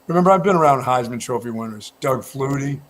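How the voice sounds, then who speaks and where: A man co-hosting a morning sports radio show, telling stories in a relaxed, casual way with frequent restarts. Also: medium pitch, fast. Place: radio studio.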